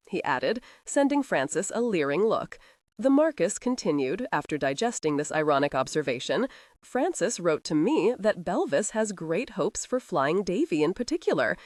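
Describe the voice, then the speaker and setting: A woman narrates a romance audiobook with expressive, animated inflection over a lowish voice. The recording is close and dry. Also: normal speed, no echo. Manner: expressive storytelling. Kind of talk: scripted narration.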